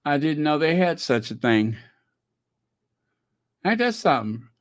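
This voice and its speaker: A man hosting a commentary channel talks in an unhurried, drawn-out way, teasing and chatty as he reacts to news clips. His voice sits a little high for a man, and it sounds close and dry, with no room around it. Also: big pitch swings, no echo. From United States. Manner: chatty, teasing, laughing asides. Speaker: channel host.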